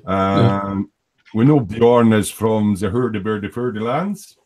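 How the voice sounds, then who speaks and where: A man's voice: lowish voice, slow, a little mellow. A man with an Edinburgh Scottish accent hosting a live online hangout, chatting casually and reading out viewer comments with teasing, rambling asides. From Scotland.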